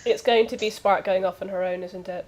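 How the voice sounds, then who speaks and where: A woman chatting casually with fellow players before a tabletop game session, quick to laugh at herself. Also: medium pitch, steady tone. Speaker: player and show host.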